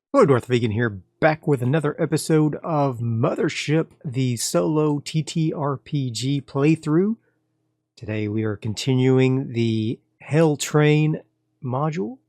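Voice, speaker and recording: Relaxed man narrating a solo tabletop game. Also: medium pitch, dry recording, clean studio sound. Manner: relaxed storytelling with fillers and restarts. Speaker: game master and host of solo tabletop play.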